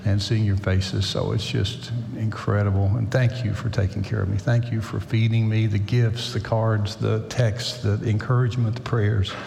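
Older male pastor, lowish voice, halting and conversational, speaking from the pulpit of a large, reverberant church with faint ambient room noise. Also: little pitch movement, gravelly, darkish tone. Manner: halting, conversational, with frequent fillers and restarts. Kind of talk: sermon. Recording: roomy church hall echo.

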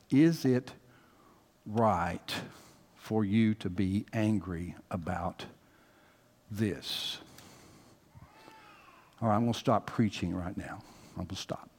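A man's voice: fairly low pitch, darkish tone. A man from the American South preaching a conversational sermon as pastor, talking directly to his congregation and rising into emphatic bursts. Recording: long hall reverb.

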